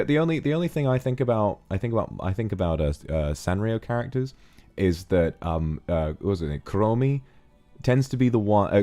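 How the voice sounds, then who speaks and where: A man with a British accent chatting casually on a stream, reading donations, rambling and laughing often. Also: sits low. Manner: relaxed, rambling, laughs often, hums to himself.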